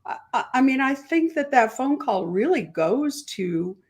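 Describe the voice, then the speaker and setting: A woman attorney giving measured legal commentary on a podcast, explaining with analogies and stumbling through restarts. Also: sits high, sing-song, a little mellow. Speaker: attorney guest.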